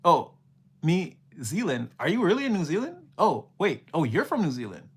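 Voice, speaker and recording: Young guy with a slightly high voice, streaming a loose, rambling spiritual reading. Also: huge pitch swings, normal speed. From Canada. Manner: rambling, repeats himself, exclaims "wow". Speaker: livestream spiritual reader. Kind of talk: casual livestream reading and chat.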